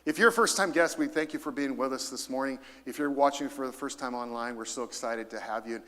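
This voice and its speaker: Lively pastor in a reverberant hall. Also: male voice, medium pitch, fast. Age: middle-aged. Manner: lively, rising to emphasis, calls for audience responses. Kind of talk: sermon. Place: church auditorium.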